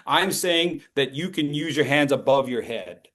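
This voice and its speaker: A man teaching as a speech coach, lively and playful, acting out his students and throwing in sound effects. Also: mid-range voice, a little slow. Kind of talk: lively training talk.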